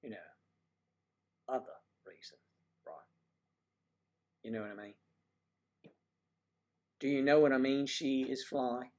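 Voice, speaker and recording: A man hosts a casual livestream and talks straight to his viewers. His delivery is playful and rambling, full of teasing asides. His voice sits at an ordinary, middle pitch. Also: unhurried, pauses often, a little mellow. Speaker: livestream host.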